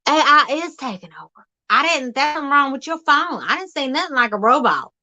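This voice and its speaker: A woman's voice: high-pitched, lively intonation, fairly quick, bright, forceful tone, lo-fi sound. A woman hosting an outdoor vlog, rambling in a folksy, teasing comic monologue. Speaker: vlog host.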